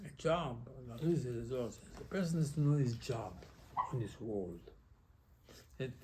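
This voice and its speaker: A man, a rabbi, giving an animated Torah lesson in halting English with many repetitions. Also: medium pitch. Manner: animated, repetitive, non-native English phrasing.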